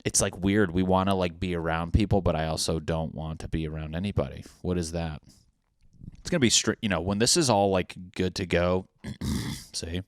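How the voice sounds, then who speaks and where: A man's voice: sits low, fairly even intonation, moderate pace, dry recording, clean studio sound. A young man hosting a solo comedy podcast, rambling in a crude, profane, self-mocking way, with a wet cough. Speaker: podcast host.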